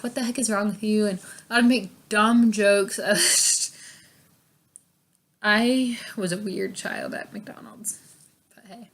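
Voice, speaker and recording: A woman's voice: fairly high pitch, pushed and bright. A young woman casually telling stories about her first job, chatty and full of fillers, laughing often. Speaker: vlogger. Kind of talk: casual storytime chat.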